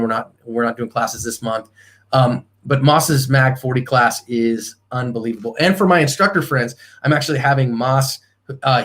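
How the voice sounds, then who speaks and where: A man giving a live self-defense seminar as the instructor, talking emphatically with fillers and restarts. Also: mid-range voice.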